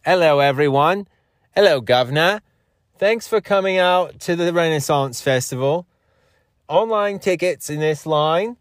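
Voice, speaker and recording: A man's voice: on the high side, unhurried, no echo, clean studio sound, pitched above the performer's own voice, close to an everyday voice. A man voicing an over-polite Renaissance festival greeter in a put-on English accent, talking theatrically in a vocal booth. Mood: cheery officious.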